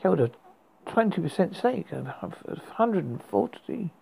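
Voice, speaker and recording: A man from the UK narrates a horror story for his podcast. His voice is deeply gravelly and husky, with a mellow tone. The pitch rises and falls a lot as he reads, and he often restarts words along the way. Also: big pitch swings, low-quality recording. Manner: unhurried storytelling with frequent restarts.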